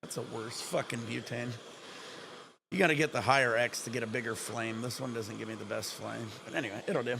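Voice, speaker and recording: A man chatting on his own livestream, excitable and swearing freely, with breathless exclamations between his remarks. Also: mid-range voice, brisk, creaky, slight background noise. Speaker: livestream gamer. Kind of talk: excited casual livestream chat.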